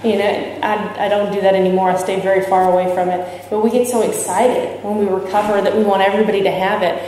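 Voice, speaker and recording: At a recovery convention, a woman tells a large hall audience about her own recovery, speaking frankly, cracking jokes and putting questions to the crowd. Her mid-range voice is level, fast and a little mellow. Captured from far off in the echoing hall, the clip has slight background noise.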